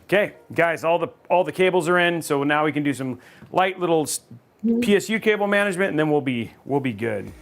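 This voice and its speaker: A man's voice: fairly high pitch, animated, a little fast. A man hosting a livestream PC build, chatting casually and joking about himself, with lots of "like"s. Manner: self-deprecating, joking, talks with many "like"s. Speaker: host.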